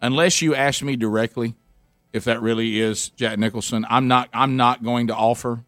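A male talk show host chatting casually with a guest, repeating words when excited and laughing along. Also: mid-range voice, normal speed, dry recording, clean studio sound, soft background music.

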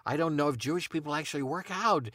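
A man improvising absurd comedy in a rambling, deadpan way, full of ums and uhs. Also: fairly high pitch, quick pace, no echo, clean studio sound.

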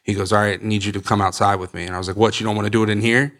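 A man's voice: fairly low pitch, flat delivery, very fast, fairly bright tone. A young man, a podcast guest, candidly telling his recovery story in a blunt, swearing way and acting out the people he quotes.

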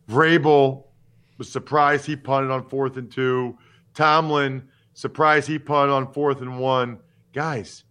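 A man in his forties hosting a casual sports podcast, talking in an animated, emphatic and opinionated way with jokes. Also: medium pitch. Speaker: podcast host and former football player.

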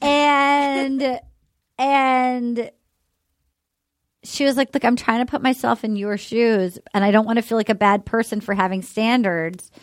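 Give me a woman with a slightly high voice, hosting a chatty podcast, recorded dry and close. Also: a little slow, no echo. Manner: animated retelling, acting out lines in quotes. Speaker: podcast host. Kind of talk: casual chat recapping a dating show.

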